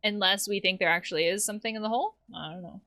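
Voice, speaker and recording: A woman's voice: mid-range voice, rapid-fire, bright, forceful tone. A woman playing a game, reading the characters' lines aloud and adding her own comments. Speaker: let's play host.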